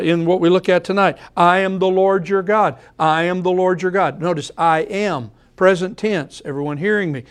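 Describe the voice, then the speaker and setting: A pastor preaching a sermon, slow and deliberate, repeating key phrases for emphasis. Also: male voice, fairly high pitch, clean tone.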